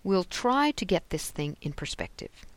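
A reader voicing Cal, a smooth tutor. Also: mid-range voice, sing-song, normal speed, a bit bright, no echo, voice pushed up. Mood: persuasive. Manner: smooth, soothing, self-assured. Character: calm persuasive male tutor.

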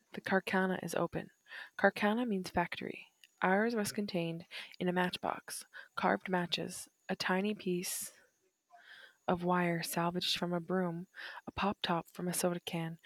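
Woman narrator, low voice, measured reflective memoir reading, dry close sound. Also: dry recording. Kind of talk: reading a first-person memoir aloud.

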